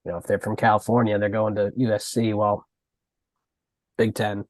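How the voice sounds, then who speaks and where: A man's voice: lowish voice, little pitch movement, normal speed, a little mellow, no echo. A man co-hosting a sports podcast, speaking casually and a bit hesitantly, with many "like" and "um" fillers. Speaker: podcast co-host.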